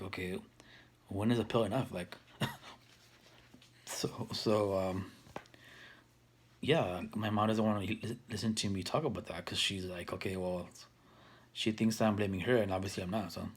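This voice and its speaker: A man's voice: lowish voice, fairly even intonation, moderate pace, long pauses, breathy edge. A man in his thirties talking to camera for his own video channel, rambling with many restarts and fillers. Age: 30s. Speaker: vlogger. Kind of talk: casual talk to camera.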